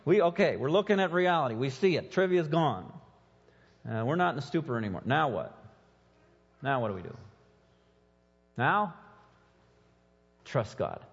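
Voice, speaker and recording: A man preaching a sermon as pastor, animated and sometimes mocking as he acts out quotes. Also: on the high side, normal speed, gravelly, long pauses, slightly rough, big-room sound, lo-fi sound.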